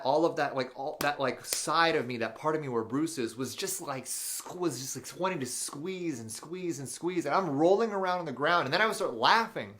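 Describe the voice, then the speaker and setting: A man hosting a live motivational show, telling a personal story in an animated, unscripted way with many fillers and restarts, and reading viewer questions aloud. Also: fairly high pitch.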